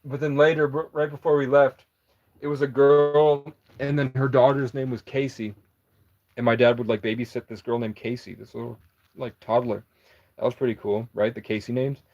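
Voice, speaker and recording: A man's voice: mid-range voice, flat delivery, moderate pace, darkish tone. Rambling young man, dull lo-fi sound. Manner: rambling, profane, jumps back to correct himself. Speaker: vlogger. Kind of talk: casual storytelling. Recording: dull lo-fi recording.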